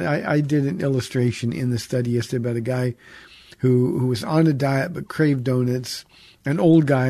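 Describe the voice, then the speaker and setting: A man's voice: medium pitch, mellow, no echo. A man, a pastor hosting a call-in radio show, teaching the Bible in a folksy, conversational way with jokes and stern emphasis.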